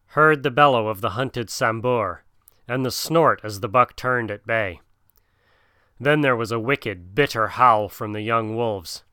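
A man narrating an audiobook in a steady, measured storytelling manner. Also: medium pitch, smooth, dry recording, studio quality.

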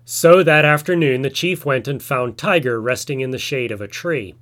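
A man narrating a folk tale in a measured, expressive storytelling manner. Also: medium pitch.

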